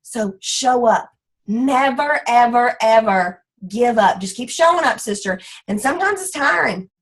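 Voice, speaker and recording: A woman with a twang leads a motivational team call, her voice somewhat husky and pitched a little high. She talks in an energetic, folksy way, full of pep and homespun sayings. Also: measured pace, rough recording. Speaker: team leader.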